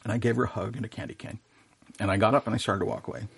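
Husky-voiced man telling heartfelt stories. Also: lowish voice, very fast. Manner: warm, earnest storyteller with many fillers and restarts. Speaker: professional Santa performer, radio guest. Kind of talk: casual storytelling in an interview.

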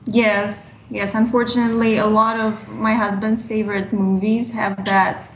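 A woman's voice: medium pitch, level tone, measured pace. Woman, roomy faint-noise sound. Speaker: dialect coach guest. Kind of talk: casual panel chat.

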